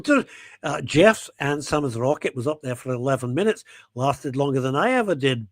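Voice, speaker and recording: A man's voice: a little high, expressive, quick pace, fairly bright tone, no room sound, studio quality. A man from England hosting a radio show, chatting in a jokey, rambling, self-mocking way.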